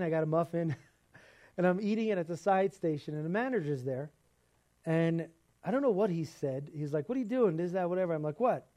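A middle-aged man with a slightly high voice preaches a sermon. He tells a personal story in an animated, conversational way.

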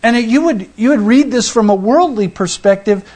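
High-voiced man preaching conversationally. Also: lively intonation, moderate pace, a little mellow. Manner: conversational, acts out the people in the story; frequent restarts and fillers. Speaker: pastor. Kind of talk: sermon.

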